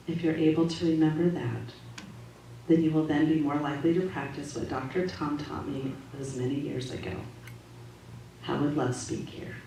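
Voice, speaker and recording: A woman giving a calm, measured, gently instructive Sunday talk to a congregation, as a spiritual practitioner. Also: low-pitched. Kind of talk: sermon-style talk to a congregation. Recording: echoey hall audio from far off, faint noise.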